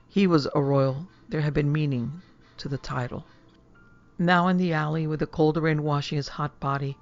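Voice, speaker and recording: A woman narrating a horror story in a hushed, measured way. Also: low voice, muffled recording. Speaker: narrator and producer.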